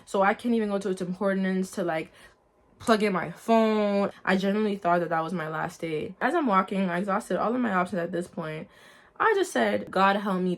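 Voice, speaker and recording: A young adult woman sharing a personal faith testimony in a casual, earnest storytelling way, talking straight to her viewers. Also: mid-range voice. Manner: earnest, lively storytelling, addresses viewers as guys.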